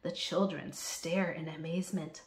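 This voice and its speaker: A woman storyteller reading a children's picture book aloud in a lively, expressive way. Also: sits low, unhurried. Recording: roomy echo.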